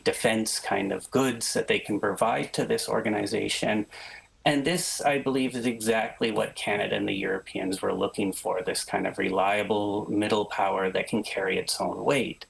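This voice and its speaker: A man speaking as a guest professor and analyst in a studio discussion, measured and explanatory, often hedging his points. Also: medium pitch, vocal fry, a bit bright, low-quality recording.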